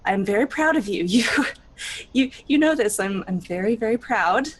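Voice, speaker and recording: A woman doing a fond, halting orc mother figure. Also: medium pitch, expressive, low-quality recording. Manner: halting, repeats herself, soft and breathy in places. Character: proud emotional motherly female orc mentor. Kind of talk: tabletop role-play.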